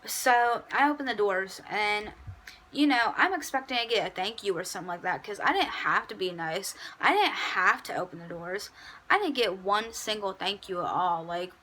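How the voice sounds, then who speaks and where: A woman's voice: mid-range voice, animated, normal speed, sharp tone, poor audio. A young adult woman in a casual storytime, telling a petty workplace story in a chatty, sassy way. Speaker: vlogger.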